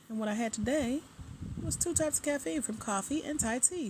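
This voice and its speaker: A woman hosting a casual livestream, chatting and reading viewer comments aloud with drawn-out sign-offs. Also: a little high, slight background noise. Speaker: livestream host.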